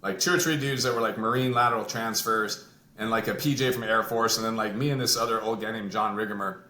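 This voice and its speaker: A man's voice: lowish voice, fast talker, echoey room. A middle-aged man, a podcast guest, telling a story in casual chat and acting out the people in it. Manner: animated storyteller, lively acting out of others.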